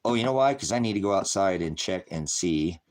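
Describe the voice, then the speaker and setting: A man's voice: deep voice, lively intonation, a little fast, a little mellow, a little hiss or hum. A man hosting a casual livestream, rambling in a conspiratorial way, laughing often and answering viewers in chat. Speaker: livestream host.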